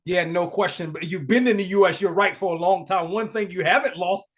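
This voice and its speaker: A man interviews his guest on a podcast. His voice is high for a man. He stumbles and repeats words as he asks his questions, keeping it informal. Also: fairly quick. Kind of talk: casual interview.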